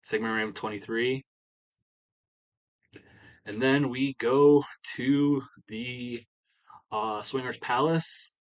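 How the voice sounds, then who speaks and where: A man's voice: medium pitch, fairly even intonation, slow pace, long pauses, poor audio. A young adult man casually recapping a wrestling management sim in a rambling way, full of "you know" fillers. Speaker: let's play creator.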